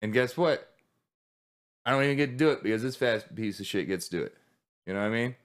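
Man, low voice, veteran podcast guest, rambling, blunt, swears. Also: expressive, quick pace. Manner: candid and rambling, swears, many restarts. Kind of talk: casual podcast conversation.

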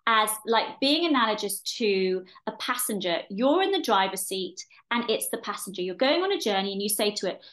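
A woman's voice: medium pitch, very animated, brisk, few pauses, fairly bright tone. A woman in her forties hosting a solo podcast, talking frankly and animatedly, swearing freely and often restarting her sentences. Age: 40s. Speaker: podcast host and coach. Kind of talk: casual solo podcast talk.

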